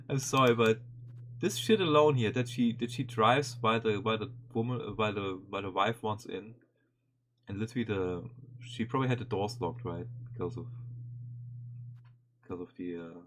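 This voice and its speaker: A man streaming and commenting casually on a video, animated and swearing often, with frequent restarts. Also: lowish voice, normal speed, long pauses, a little hiss or hum.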